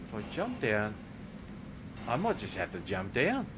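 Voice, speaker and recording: A man's voice: mid-range voice, huge pitch swings, a little slow, noisy background. An Australian man streaming a video game, telling a long profane story with fillers and restarts. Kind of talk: casual storytelling while gaming.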